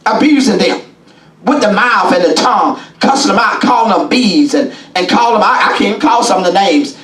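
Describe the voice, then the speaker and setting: A man preaching a sermon as bishop in a church, folksy and call-and-response, rising now and then into shouts. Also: sits high, animated, brisk. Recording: echoey church from a distance.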